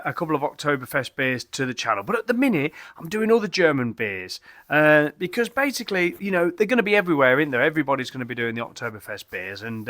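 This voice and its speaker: A man's voice: fairly high pitch, bright, forceful tone, no echo, clean studio sound. A man from England hosting a casual beer review vlog from his home pub, chatty and rambling, enthusiastic and tripping over German names. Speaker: beer reviewer, channel host.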